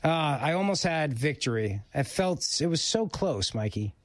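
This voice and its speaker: A man's voice: a little high, big pitch swings, moderate pace, no room sound. A man hosting a talk radio show, joking and teasing his producer in casual banter.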